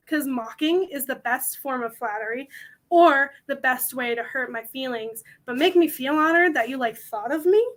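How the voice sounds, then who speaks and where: A woman's voice: high-pitched, a bit bright. A young woman hosting a convention panel, chatting casually to the audience in a rambling, self-mocking way.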